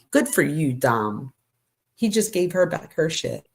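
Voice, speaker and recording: A woman's voice: low-pitched, sing-song, unhurried, creaky, slightly rough. A woman hosting a true crime show, reading text messages aloud and adding blunt, wry asides. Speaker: true crime host and psychology professor.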